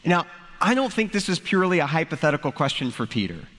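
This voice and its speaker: A man's voice: a little high, big pitch swings, fast, fairly bright tone. Conversational male pastor, hall echo. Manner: conversational, explaining with asides. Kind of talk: sermon. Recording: reverberant hall.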